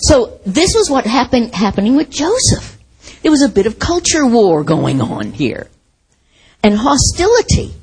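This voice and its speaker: A middle-aged American woman from the Midwest preaching a sermon in a conversational, animated way, often laughing and acting out quotes. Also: a little high, measured pace, husky, low-quality recording.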